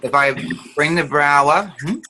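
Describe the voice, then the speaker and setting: A man's voice: mid-range voice, moderate pace, sharp tone, a little hiss or hum, poor audio. A man teaching an online acting class, guiding students patiently and showing each sound with hums.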